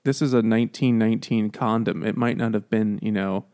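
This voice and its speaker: A man co-hosting a casual comedy book podcast, laughing often and acting out the characters in quick put-on voices. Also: fairly low pitch, steady tone, a little mellow. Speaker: podcast co-host.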